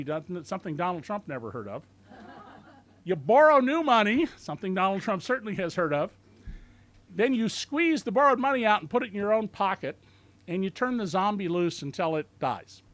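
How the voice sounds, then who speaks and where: A man in his sixties giving a talk at a bookstore event, telling stories in a lively, sardonic way and mocking the people he quotes. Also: high voice. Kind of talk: lecture to a live audience.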